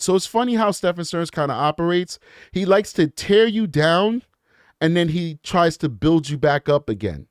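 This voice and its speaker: This is a man hosting a true crime show, his voice sitting a little higher than most men's. He reads letters aloud and keeps stopping to add blunt, emphatic remarks to his audience. The sound is dry and close, with almost no room around it. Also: lively intonation, moderate pace, clean tone, dry recording. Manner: blunt, emphatic, scornful asides; talks straight to his viewers. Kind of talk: reading emails aloud with commentary.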